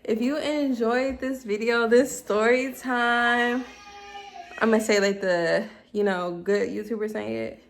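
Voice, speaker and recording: A young woman talks in a chatty storytime vlog, calling her viewers y'all again and again. Her voice has a gravelly fry at the ends of phrases, and there is a faint hiss of noise behind her. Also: a little high, steady tone, a little slow. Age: young adult. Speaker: vlogger.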